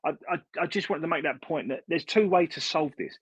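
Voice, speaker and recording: Husky man on a dull line. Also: on the high side, a little fast, no echo. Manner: earnest, lays out arguments point by point. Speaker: podcast co-host. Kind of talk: casual chat. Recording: dull, lo-fi remote mic.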